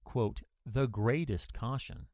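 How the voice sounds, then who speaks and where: A man's voice: mid-range voice, slow, darkish tone, no echo, clean studio sound. A man hosting a podcast, giving scripted history narration with wry asides and emphatic delivery. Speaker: podcast host.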